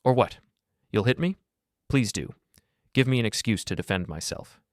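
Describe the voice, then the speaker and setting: A man's voice: lowish voice, lively intonation, normal speed, dry recording, clean studio sound, lightly acted. A man voicing a bitter, vengeful young ex-con in a storybook narration, with a taunting, menacing delivery.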